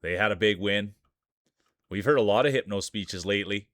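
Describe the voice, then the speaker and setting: Resonant and fairly low-pitched with a fairly bright tone, this male announcer calls marble races on a live stream at a moderate pace. The dry, close recording captures his jokey, playful banter.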